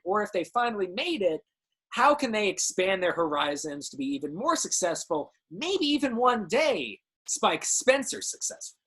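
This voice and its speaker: A woman's voice: mid-range voice, husky. A woman hosting an interview livestream, asking long, chatty, winding questions. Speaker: livestream host.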